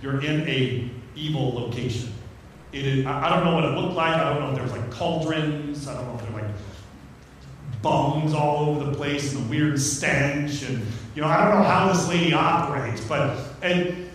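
A man's voice: on the high side, normal speed, far from the mic, a little hiss or hum. Man preaching in an echoey hall. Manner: conversational, joking asides while teaching scripture. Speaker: pastor. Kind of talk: sermon.

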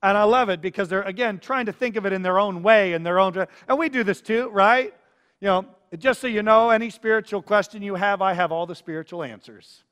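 A man with a fairly high voice preaches, telling his story with animated energy. He moves from big emphatic lines to near-whispers. His voice carries a long reverb, as if he were in a large hall. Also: brisk. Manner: animated storytelling, swings from loud to hushed. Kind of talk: sermon.

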